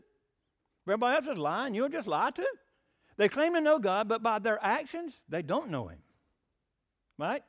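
A man preaching a sermon in a folksy, plainspoken storytelling way. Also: sits high. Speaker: pastor.

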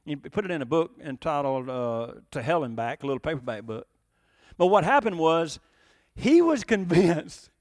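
A man's voice: a little high, no room sound, studio quality. A man preaching a sermon in an emphatic, conversational way, full of rhetorical questions. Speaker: pastor.

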